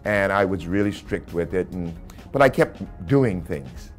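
Older man telling lively career stories. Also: low voice, unhurried, soft background music. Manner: animated, acts out the voices in his stories, laughs often. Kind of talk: anecdotal interview storytelling.

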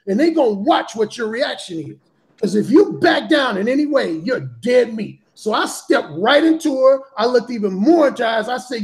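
A man's voice: very high-pitched, expressive, normal speed, a little mellow. Blunt, profane male storyteller. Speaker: podcast guest, dating author. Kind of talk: casual storytelling in a talk show.

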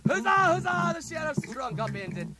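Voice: very high-pitched, animated, brisk, very noisy. A performer singing and telling a comic tale in a theatrical mock sea-shanty manner, hailing listeners as lads and mates. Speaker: singer and storyteller. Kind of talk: theatrical sung and spoken comic storytelling. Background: loud music.

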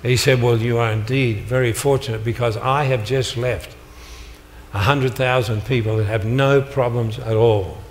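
A man's voice: mid-range voice, fairly even intonation, moderate pace, a little hiss or hum. An older man giving a motivational talk to a live audience, telling stories and acting out the dialogue with punchy comic timing. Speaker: motivational speaker. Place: large hall before an audience. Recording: live hall recording with long reverb.

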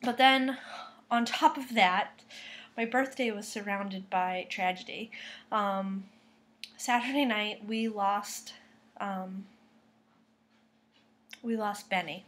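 A woman's voice: mid-range voice, takes it slowly, pauses often, a bit bright. A woman from Boston chatting casually to camera as a knitting vlogger, with many fillers and restarts. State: close to tears, subdued. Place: home kitchen.

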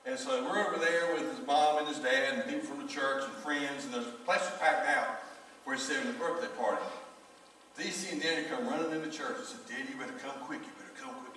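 A man's voice: fairly high pitch, slight background noise. A man, a pastor telling a story in his sermon and acting out the people in it. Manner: animated storyteller acting out quoted voices. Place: church sanctuary. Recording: echoey church hall from far off.

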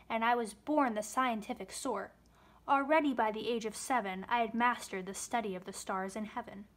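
A sorrowful boy ghost, voiced by a woman reading a storybook, lamenting his fate in a soft, plaintive way. The voice stays close to her own, a gentle storybook read-aloud. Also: fairly high pitch, lightly acted. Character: mournful boy ghost, young scientist.

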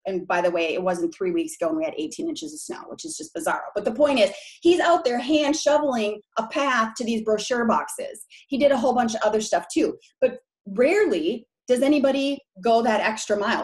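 A woman in her forties with a Minnesota accent and drawn-out long O's, speaking in a slightly high voice. She gives a live presentation to real estate agents in a frank, chatty way and keeps checking in with her audience. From Minneapolis, Minnesota, USA.

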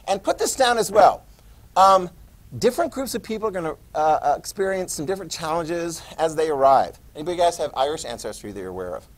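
A man teaching a history class, lecturing lively and quizzing his students as he goes. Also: a little high, low-quality recording. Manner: lively, quizzing students and repeating key words.

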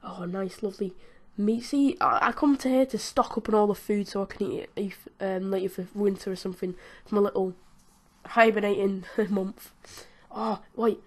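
A woman's voice: medium pitch, normal speed. Giggly British woman chatting over gameplay. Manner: chatty and giggly, talks to game characters. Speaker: gaming channel host. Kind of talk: casual gameplay commentary.

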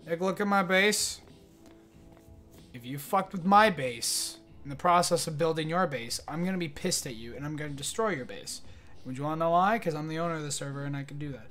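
A man's voice: a little high, a little fast, a bit bright, faint music behind. A young man streaming games, chatting casually with his viewers in a rambling, profane, joking way. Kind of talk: casual livestream chat while gaming.

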